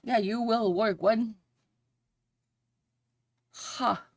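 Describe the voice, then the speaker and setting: A woman's voice: fairly low pitch, unhurried, no echo, studio quality. A woman streamer chatting casually while she draws on a live stream, swearing freely and singing along to songs now and then.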